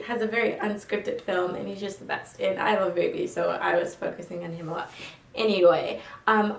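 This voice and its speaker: A woman's voice: medium pitch, slight background noise. A young woman reviewing a film in a casual vlog, chatty and gushing, with lots of fillers. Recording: roomy, mic at a distance.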